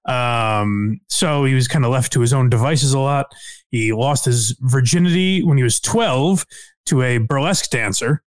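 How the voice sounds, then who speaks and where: A man hosting a podcast in casual chat, hesitant, with many fillers and sudden upward pitch jumps. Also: normal speed, clean tone, no room sound. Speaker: podcast host.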